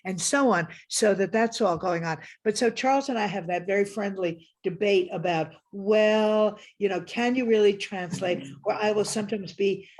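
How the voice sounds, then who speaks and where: A woman's voice: mid-range voice, darkish tone, breathy edge. A woman guest critic in a conversational academic discussion, frank and digressive, often correcting herself as she talks over a video call.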